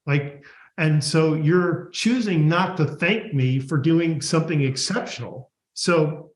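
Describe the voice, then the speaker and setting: Animated man in an echoey room. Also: a little high, measured pace. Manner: animated, acts out dialogue. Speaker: guest author. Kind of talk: interview answer.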